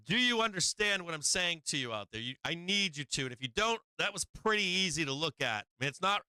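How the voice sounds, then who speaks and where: A man's voice: fairly high pitch, smooth, dry recording. Brash, swearing man explaining charts. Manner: blunt, swearing, animated with mock quotes of traders. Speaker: stock market livestream host. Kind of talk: casual profane market commentary.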